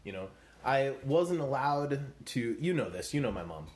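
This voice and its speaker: A man's voice: mid-range voice, big pitch swings, normal speed. A man co-hosting a comedy podcast with his brother, rambling in a playfully confused way. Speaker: podcast co-host. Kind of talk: casual comedic chat.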